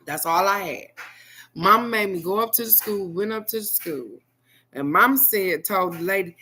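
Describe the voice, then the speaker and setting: A middle-aged woman doing a casual live-stream card reading, loud and animated, swearing freely and laughing big. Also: mid-range voice, normal speed, slightly rough. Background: faint background music.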